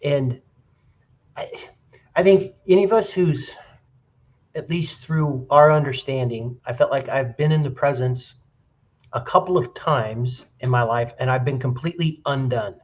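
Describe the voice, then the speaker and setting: Earnest animated man on a lo-fi call. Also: measured pace. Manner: earnest, animated storytelling with rising pitch. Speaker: discussion participant. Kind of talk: casual discussion.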